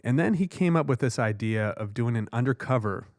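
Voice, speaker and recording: A man's voice: mid-range voice, lively intonation, fairly quick, a little mellow, no room sound, studio quality. A man co-hosting a podcast, asking questions in a conversational way. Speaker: podcast co-host and documentary director. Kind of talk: interview questions.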